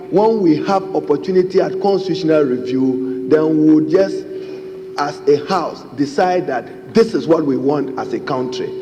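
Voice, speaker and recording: A man with a Ghanaian English accent, a member of parliament giving a formal speech and repeatedly addressing the Speaker in a parliament chamber. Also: fairly high pitch. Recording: reverberant chamber with faint noise.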